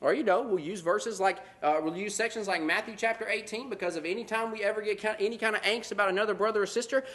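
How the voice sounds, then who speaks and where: A man preaching with a high, light voice. He is animated and mocks self-righteous believers with put-on voices between plain stretches of teaching. His pace jumps between quick bursts and slow, weighty phrases. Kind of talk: sermon.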